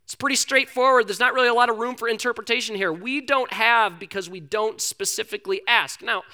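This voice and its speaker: A man's voice: extremely high pitch, fairly quick, sharp tone. A man preaching a sermon in a conversational, storytelling way. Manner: conversational storytelling, acts out characters.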